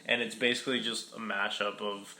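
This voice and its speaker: A man's voice: lowish voice, little pitch movement, a little fast, sharp tone. A young man co-hosting a podcast in casual chat, laid-back and swearing often. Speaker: podcast co-host. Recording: echoey room with faint background noise.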